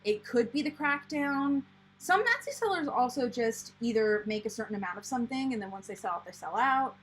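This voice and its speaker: A woman's voice: a little high, lively intonation, brisk, breathy edge, rough recording. An American woman hosting a casual live chat, reading out viewer comments and rambling with lots of fillers. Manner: chatty, rambling, many fillers and restarts. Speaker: planner channel host.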